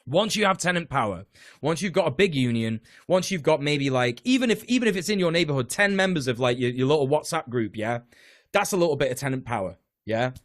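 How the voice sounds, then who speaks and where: A man's voice: fairly high pitch, expressive, fairly quick, no echo, clean studio sound. A British man talking casually about organizing renters, rambling with lots of fillers and restarts and the odd swear word. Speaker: podcast guest, tenants union organizer. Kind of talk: casual political chat.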